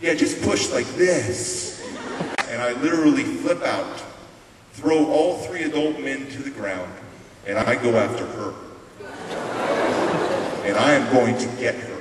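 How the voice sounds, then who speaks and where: In an echoey large hall, picked up by a far-off room mic with slight hiss, a middle-aged American man shares his life story as a motivational keynote speaker. He's animated and conversational, yet his medium-pitched delivery is measured, with long pauses.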